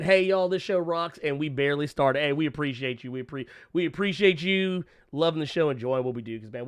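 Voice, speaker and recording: A man's voice: fairly high pitch, clear, resonant tone. A man co-hosting a casual live comic-book podcast, joking in AAVE and laughing often while reading viewer messages. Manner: laughs often, animated, slangy. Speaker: podcast co-host reading super chats. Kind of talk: casual comedic banter.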